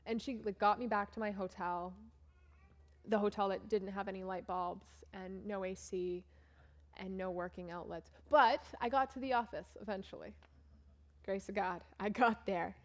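A woman's voice: mid-range voice, steady tone, normal speed. A young woman gives a casual talk from the front of a church, walking through her slides. She is chatty and self-mocking, and her voice jumps up when she reaches the funny parts. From Maine, USA. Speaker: church mission trip speaker.

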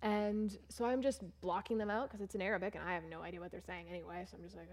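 A woman's voice: lowish voice, steady tone, quick pace. A young woman, a volunteer teacher, telling casual stories about her class, chatty and full of "like" and "um". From United States. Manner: chatty, full of "like" and "um", acts out what others said. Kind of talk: casual storytelling talk over photos.

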